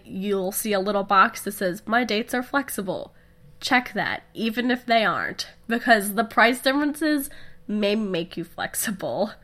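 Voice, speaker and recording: A woman's voice: medium pitch, bright, forceful tone. A young woman with a cold, her voice nasal and stuffy, hosting a casual, chatty podcast episode on her own. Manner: chatty and upbeat, with fillers and small laughs. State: sick with a stuffy nose. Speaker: podcast host. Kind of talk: casual solo podcast talk.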